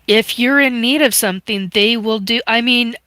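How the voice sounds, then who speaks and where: A middle-aged woman hosting a livestream, talking haltingly and getting choked up and sniffly as she tells her story and reads out viewer comments. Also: fairly high pitch, sharp tone, dry recording. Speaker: livestream host. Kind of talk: emotional livestream monologue. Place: home livestream.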